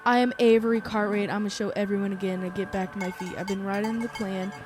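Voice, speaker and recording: A woman's voice: medium pitch, steady tone, fast, over music, close to an everyday voice. A woman doing a bitter old Southern man. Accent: put-on Southern US. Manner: grumbling, vengeful drawl. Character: bitter, cursing old man down on his luck.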